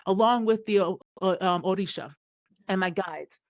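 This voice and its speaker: A woman's voice: mid-range voice, normal speed, a little mellow, no room sound, studio quality. A woman hosting a podcast, telling a personal story in a casual, emphatic and profane way. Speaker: podcast host.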